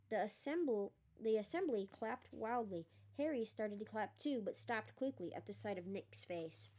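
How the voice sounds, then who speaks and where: Woman reading a story aloud, mellow tone. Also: medium pitch. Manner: reads aloud, breaks off to comment on the text. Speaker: reader. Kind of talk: audiobook reading with asides.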